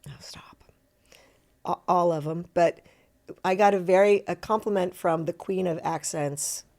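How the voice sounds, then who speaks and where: A middle-aged actress chatting as a podcast guest, self-deprecating and lively, slipping into voices as she tells stories. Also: on the low side, unhurried. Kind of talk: casual interview chat.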